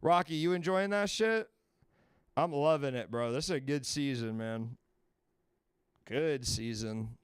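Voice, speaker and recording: A man's voice: mid-range voice, lively intonation, measured pace, long pauses, clean tone, no room sound. Loose, rambling male stream host. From Washington, D.C. area. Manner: loose, rambling, swears freely. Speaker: livestream advice show host. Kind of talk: casual live-stream chat.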